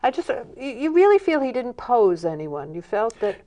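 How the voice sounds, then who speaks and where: A woman's voice: a little high, big pitch swings, normal speed, warm tone, lo-fi sound. A woman hosting an art interview, mostly giving short affirmations and questions. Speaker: interview host. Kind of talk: interview chat.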